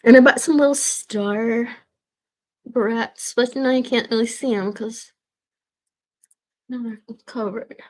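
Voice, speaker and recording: A woman with a high voice talks slowly and loosely to her livestream viewers. She rambles, swears casually and often drops a thought halfway to start another. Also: fairly even intonation. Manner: chatty, swears freely, trails off and restarts. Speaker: livestream host.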